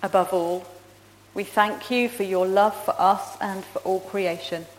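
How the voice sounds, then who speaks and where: A woman minister leading prayer and telling a Bible story with a measured, expressive delivery. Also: mid-range voice. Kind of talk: sermon with prayer and children's story. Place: church. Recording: long reverb in a large hall.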